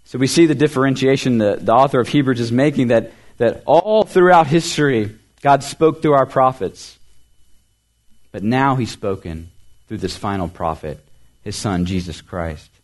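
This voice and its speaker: A man preaching a sermon as pastor, earnest, repeating words for emphasis, lifting his voice on key phrases and letting it sink soft and low at the ends. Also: normal speed.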